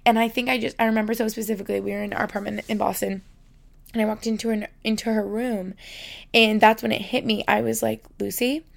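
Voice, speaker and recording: Emotional chatty woman with gravelly fry. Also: medium pitch, level tone, quick pace. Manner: chatty and heartfelt, frequent "like" fillers. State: on the verge of tears. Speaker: podcast host. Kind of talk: casual solo podcast talk.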